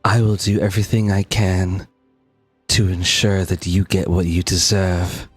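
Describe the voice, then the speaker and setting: A flirtatious woman, played by a man running a tabletop game, speaks in a low, unhurried murmur. The sound is dry and close, with soft music underneath. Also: level tone, husky, dry recording. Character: flirtatious adult woman innkeeper Gravo.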